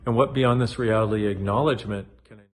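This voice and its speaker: A middle-aged man giving a casual motivational talk to camera, playful and animated, wandering off track and swearing now and then. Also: lowish voice, fast, a little hiss or hum. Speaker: self-help video host.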